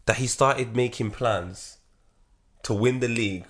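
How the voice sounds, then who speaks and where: Excitable male co-host asking eager questions. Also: mid-range voice, unhurried. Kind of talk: casual chat.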